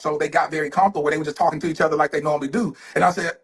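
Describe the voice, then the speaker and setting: A man's voice: fairly high pitch, racing, few pauses, breathy edge. A man telling a story in conversational podcast talk, quoting others as he goes.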